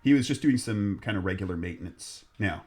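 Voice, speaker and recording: A man's voice: fairly low pitch, animated, fairly quick, a little mellow, breathy edge. A man hosting a podcast, telling a ghost story in a rambling, jokey way. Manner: rambling, jokey, restarts often. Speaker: podcast host. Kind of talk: casual storytelling chat.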